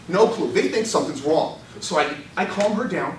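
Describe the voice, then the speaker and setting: An older man giving a humorous storytelling speech at a contest, animated and laughing through his own punchlines. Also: high voice, normal speed, few pauses, far from the mic, heavy background noise. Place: meeting hall. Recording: echoey hall recorded from afar.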